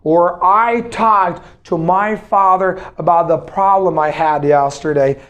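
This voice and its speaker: Slow, repetitive male English teacher. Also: high-pitched, a bit bright, muffled recording. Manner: slow, drills words with many repetitions. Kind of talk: pronunciation lesson.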